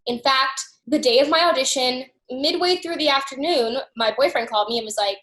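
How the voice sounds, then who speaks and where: A young woman with a high voice chats through her answers as an interview guest, stringing her stories together with plenty of "like". Her voice carries a roomy echo around it. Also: fairly quick, fairly bright tone. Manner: chatty storyteller, peppers speech with "like". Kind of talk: casual interview chat.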